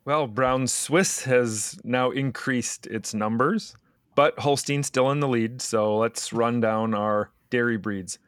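A man co-hosting a casual farm podcast, introducing guests and reading out tallies in an even, steady way. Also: mid-range voice, takes it slowly, no room sound, studio quality. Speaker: podcast co-host.

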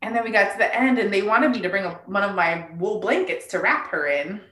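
A woman's voice: medium pitch, a little fast, echoey room. A woman, a tribal entrepreneur, telling a story in a casual interview, laughing and acting out what people said. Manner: animated, laughing, acts out quotes.

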